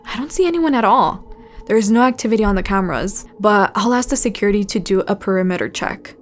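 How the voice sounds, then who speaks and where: A woman voicing a female night-shift supervisor on the phone, steady and reassuring. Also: medium pitch, quick pace, faint music behind, lightly acted. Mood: calm. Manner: steady, reassuring, then startled.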